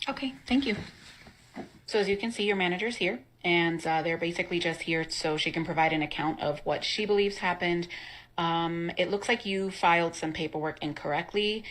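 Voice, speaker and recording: A woman's voice: lowish voice, moderate pace, a bit bright, close to an everyday voice, poor audio. A woman voicing a formal, matter-of-fact female office manager in a cartoon. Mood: businesslike. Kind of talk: cartoon voice acting.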